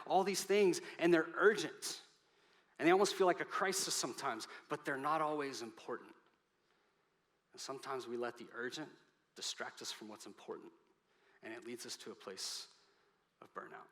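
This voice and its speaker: A pastor preaching a sermon, earnest, building up and then dropping to a soft voice. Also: male voice, fairly high pitch, normal speed. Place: church sanctuary. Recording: reverberant hall.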